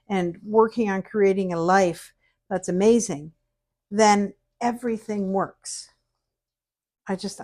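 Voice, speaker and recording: A woman's voice: mid-range voice, darkish tone. A middle-aged woman from Canada, chatting casually while she teaches a cake recipe and hums to herself as she works. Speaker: cooking instructor. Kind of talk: casual cooking tutorial chat.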